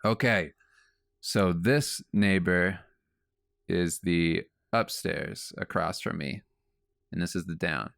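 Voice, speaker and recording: A man's voice: deep voice, takes it slowly, creaky, long pauses, fairly bright tone, no echo, studio quality. A man casually telling a rambling neighborhood story while he draws, with lots of asides. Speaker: comic artist and podcast host.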